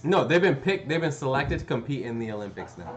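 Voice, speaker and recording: A man's voice: mid-range voice, sing-song. A man hosting a casual podcast chat, hedging and trailing off as he talks. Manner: halting, hedging, trails off into mumbles. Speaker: podcast host.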